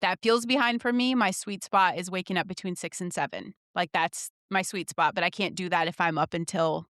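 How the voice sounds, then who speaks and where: An outspoken woman guest with a smooth, resonant voice, telling stories in a loose, candid way and swearing freely. The sound is close and dry, with no room around it. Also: lowish voice, brisk, fairly bright tone, no room sound. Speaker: podcast guest. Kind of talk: candid conversational interview.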